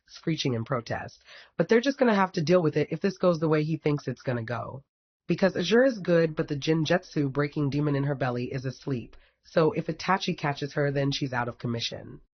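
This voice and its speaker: A man reads a fan fiction story aloud with wry, casual storytelling. His voice sits fairly high. The recording sounds dull and lo-fi. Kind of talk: audiobook narration.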